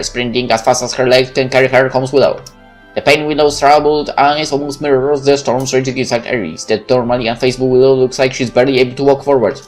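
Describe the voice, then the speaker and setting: A man reading a visual novel aloud, narrating in first person with expressive delivery. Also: mid-range voice. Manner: expressive, candid. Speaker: let's play narrator.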